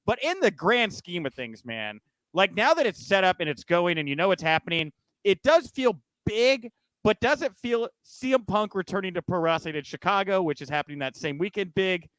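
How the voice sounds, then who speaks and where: A man's voice: sits high, sing-song, brisk, fairly bright tone, no room sound, poor audio. A man hosting a podcast, running through news in a loose, chatty way with frequent fillers and jokey asides. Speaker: podcast host. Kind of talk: casual news chat.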